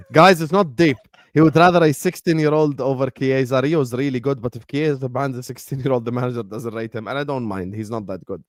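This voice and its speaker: A man's voice: medium pitch, dry recording, studio quality. A man hosting a football stream, teasing his co-hosts in casual chat. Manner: joking, teasing banter. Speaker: host.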